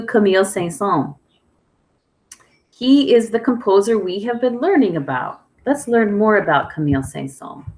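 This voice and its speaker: Woman music teacher, patient and clear, leads kids in echo rhythms, average pitch. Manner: patient, clear, sing-song call-and-response prompting. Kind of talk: online music lesson for children.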